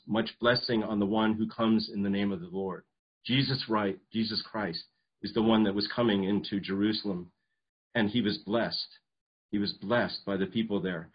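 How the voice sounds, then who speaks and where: Husky-voiced male pastor preaching. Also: on the low side, muffled recording. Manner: earnest, repeats words as he restarts phrases. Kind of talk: sermon.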